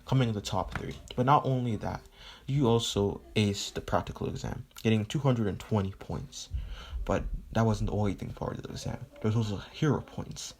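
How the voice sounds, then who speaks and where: A man reading out a letter as an upbeat grown male hero mentor, a bit slower and more proclaiming than his plain talk. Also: on the low side, gravelly, darkish tone.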